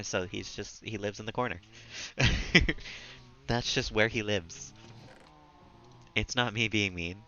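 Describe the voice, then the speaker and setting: A man with a fairly low, pushed, bright voice streams a game from a room at home. He gives casual gameplay commentary, giggling and chatting with his viewers and his pet, heard through slightly dull stream mic audio.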